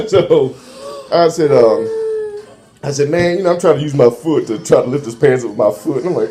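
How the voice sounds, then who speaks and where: A man's voice: medium pitch, normal speed, over music. A middle-aged man, a former police officer, telling stories in casual chat and acting out the voices in them. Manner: animated, acts out voices in his stories. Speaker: interview guest, former transit police officer. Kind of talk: casual storytelling.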